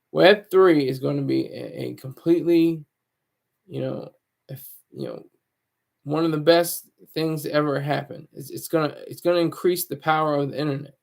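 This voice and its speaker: A man's voice: on the high side, creaky. A man talking to his viewers as a YouTuber in a casual, rambling monologue, mocking himself and restarting his sentences often.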